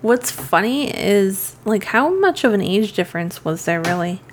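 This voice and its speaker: A woman's voice: mid-range voice, expressive, normal speed, a little hiss or hum. A woman co-hosting a casual movie podcast, asking questions and adding dry remarks between her "um"s. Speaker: podcast co-host.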